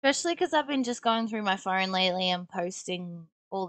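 A woman's voice: mid-range voice, animated, fairly quick, a bit bright, no room sound. A young woman streamer chatting casually and playfully while building tiny block figures, talking to herself as she works.

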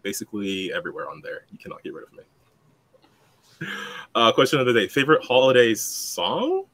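Rambly self-deprecating guy, low-ish voice but super animated. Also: brisk. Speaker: player. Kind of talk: casual chat.

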